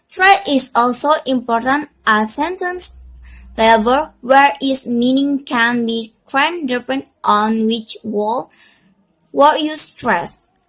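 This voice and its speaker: A young woman gives a class presentation in a fairly high voice. She reads slowly and haltingly, pausing on fillers and correcting herself as she goes. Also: fairly bright tone. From Indonesia. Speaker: student presenter.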